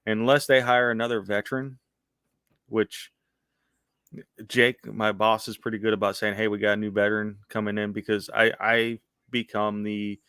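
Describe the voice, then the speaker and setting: Male co-host, gruff joking veteran, low voice, dry mic. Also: level tone, moderate pace, sharp tone, no room sound. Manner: gruff, joking, self-described gripey old man. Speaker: podcast co-host; factory worker and military veteran. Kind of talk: casual chat.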